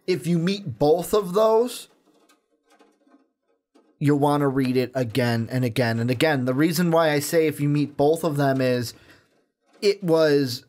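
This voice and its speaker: Brief: man, fairly high voice, earnest and emphatic co-host in casual chat. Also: unhurried, long pauses, a little mellow. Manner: earnest, emphatic, repeats himself.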